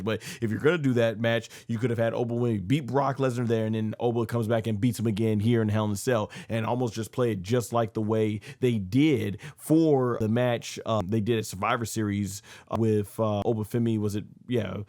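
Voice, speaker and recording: A man's voice: lowish voice, a little mellow, no echo. Guy rambling through a wrestling review, lots of uhs, dry close mic. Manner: rambling, many fillers and self-corrections. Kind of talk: casual review monologue.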